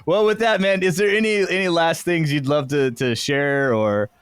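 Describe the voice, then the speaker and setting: A man hosting a podcast in relaxed interview chat. He talks with an easygoing manner and leans on ums and uhs. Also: a little high, normal speed, smooth, no room sound. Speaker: podcast host.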